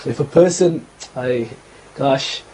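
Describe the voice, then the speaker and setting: A man co-hosting a religious talk show, explaining a teaching in a measured way and checking in with his listeners. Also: mid-range voice, a little mellow, breathy edge, low-quality recording.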